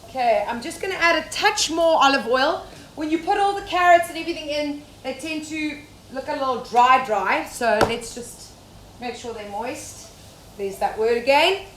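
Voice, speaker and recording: A young woman from Zimbabwe cooks live for her viewers, chatting easily and greeting them by name. Her voice sits a little high. The sound is roomy, an echoey home kitchen with a faint hum of ambience behind her. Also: a little slow, a bit bright. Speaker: safari cook. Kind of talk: live-streamed cooking demonstration.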